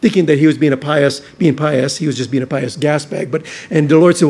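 A man preaching a sermon as a pastor, earnest and emphatic, with frequent restarts and stretches where he drops to a quieter, intense delivery. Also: fairly high pitch, quick pace, creaky, hardly any pauses, breathy edge.

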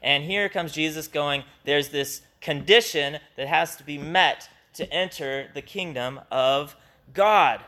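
A man's voice: a little high, takes it slowly. A man leading a Bible study, explaining a passage in an earnest, conversational way and acting out the quotes he reads. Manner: earnest, animated when quoting scripture.

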